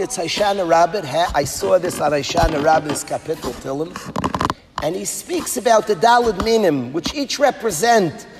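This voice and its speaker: A man with a notably high voice preaches a passionate sermon, dropping to near whispers and rising to sing-song calls. His words ring out with a long reverb through a large hall, over a faint background hiss. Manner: impassioned, swinging from hushed to loud and sing-song. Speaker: rabbi. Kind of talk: sermon to an audience of educators.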